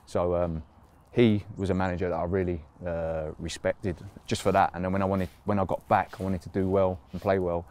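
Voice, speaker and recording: A man's voice: low voice, level tone, a little fast, few pauses, a little mellow. A man, a footballer reminiscing in a casual interview, rambling with lots of fillers and laughs. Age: 30s.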